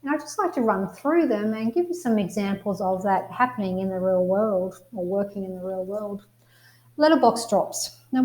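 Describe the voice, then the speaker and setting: A woman's voice: mid-range voice, echoey room, rough recording. A woman with an Australian accent giving a real estate training talk, telling anecdotes and acting out the people in them. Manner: lively storyteller, acts out the people in her stories.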